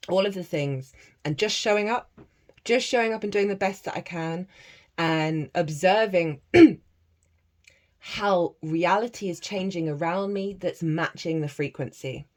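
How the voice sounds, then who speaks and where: A woman's voice: fairly low pitch, a little slow. A woman reading tarot cards in a casual spiritual talk, chatty, laughing often and breaking into chanted phrases. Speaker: tarot reader.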